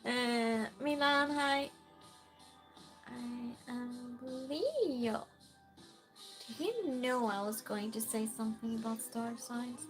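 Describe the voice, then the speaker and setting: A woman from Sweden with a slightly high voice and Swedish accent chats slowly and casually with her stream, reading viewer comments aloud. She's relaxed and giggles softly, with gentle music in the background.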